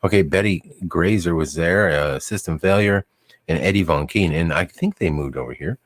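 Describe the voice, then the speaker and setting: A man's voice: deep voice, moderate pace, no echo. A man hosting a live stream, chatting casually and rambling with chuckles. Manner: rambling, chuckling, quotes dogs in silly voices. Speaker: livestream host. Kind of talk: casual chat.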